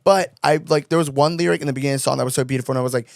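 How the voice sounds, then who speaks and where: A young man co-hosting a podcast, telling stories in an animated, rambling way with many fillers. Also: mid-range voice, very fast, gravelly, hardly any pauses, dry recording, studio quality. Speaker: podcast co-host. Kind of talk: casual storytelling chat.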